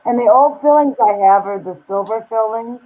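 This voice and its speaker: A woman chatting casually on a stream voice chat, relaxed and quick to laugh things off. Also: a little high, narrow, tinny audio.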